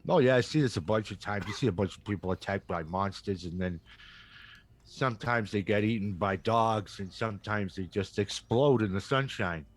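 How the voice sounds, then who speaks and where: A man voicing a dim-witted male blood hunter, a cowboy with a slow, joking drawl. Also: on the low side, natural voice. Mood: matter-of-fact.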